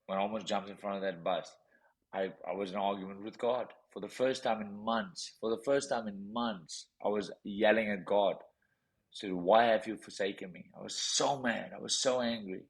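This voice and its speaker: A man's voice: lowish voice, normal speed, poor audio. Intense South African man telling his story. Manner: intense, animated, repeats phrases. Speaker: podcast guest, professional boxer. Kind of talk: emotional personal storytelling.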